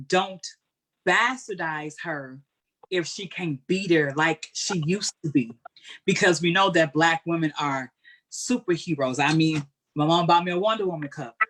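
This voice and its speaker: Speaking in a low voice without hurry, a female guest speaker responds to an interview question. Her answer is candid and heartfelt, casual in wording, and full of animated storytelling.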